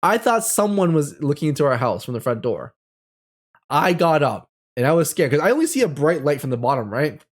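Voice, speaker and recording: Male, 30s, host recounting a childhood ghost story; expressive, chatty, rambling delivery. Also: a little high, a little fast. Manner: animated storytelling with frequent laughter and fillers. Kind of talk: telling a personal ghost story.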